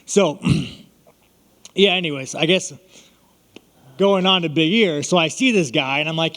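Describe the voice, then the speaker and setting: A man's voice: fairly high pitch, measured pace, long pauses, fairly bright tone, big-room sound. An American man answering press questions in a casual, rambling, joking way, swearing constantly. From United States. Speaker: fighter at a media scrum. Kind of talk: casual media Q&A.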